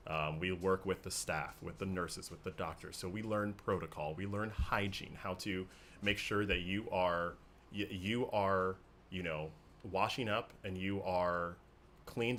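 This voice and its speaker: A man talking as a podcast guest about his work as a hospital clown, chatty and animated, laughing often as he tells stories. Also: deep voice, slight background noise. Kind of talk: casual conversational storytelling.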